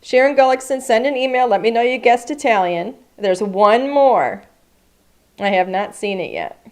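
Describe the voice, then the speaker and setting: A woman's voice: fairly high pitch, expressive, normal speed. A woman hosting a live craft class, chatting enthusiastically and thinking aloud as she works. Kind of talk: live-streamed craft demonstration. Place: craft studio.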